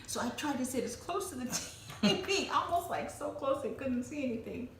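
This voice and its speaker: A woman's voice: sits high, moderate pace. A woman co-hosting a casual chat show, telling stories with lots of laughter. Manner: chatty, laughing, animated storyteller. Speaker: co-host. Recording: echoey room, distant mic, noisy.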